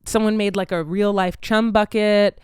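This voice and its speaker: A woman's voice: medium pitch, fairly even intonation, moderate pace, darkish tone, clean tone, no echo, studio quality. Casual young woman ranting with swears. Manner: candid, swears freely, lots of "like". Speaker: vlogger. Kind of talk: casual storytelling chat.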